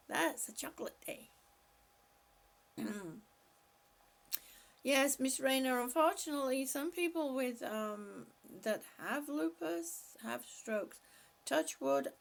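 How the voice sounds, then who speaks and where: A woman's voice: on the high side, vocal fry. A woman reading viewer comments aloud on a live stream and answering them in a chatty way, laughing often. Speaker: vlogger reading live chat. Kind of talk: casual live-stream chat.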